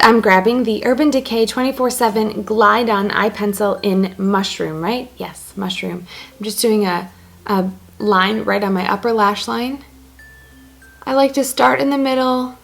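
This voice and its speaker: A woman's voice: medium pitch, gravelly. A woman casually talking through her makeup routine step by step, chatty and joking as she goes. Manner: chatty, self-narrating each step; joking asides. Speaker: beauty blogger.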